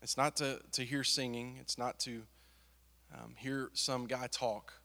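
Bright-voiced male pastor preaching in a hall. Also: medium pitch, level tone, measured pace, creaky. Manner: conversational preaching with rhetorical questions. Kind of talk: sermon. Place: church hall. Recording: long reverb of a hall.

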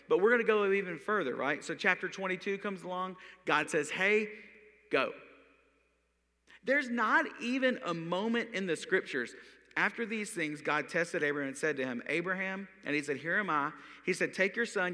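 A man preaching a conversational sermon to a congregation, chatty and animated, acting out quick bits of dialogue as he tells the story. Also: a little high. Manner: chatty, animated, acts out voices. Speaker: pastor. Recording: long hall reverb.

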